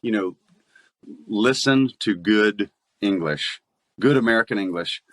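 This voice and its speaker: A man's voice: lowish voice, measured pace, a bit bright, no echo. A man with a Southern US accent, a voice actor chatting casually as an interview guest and laughing often.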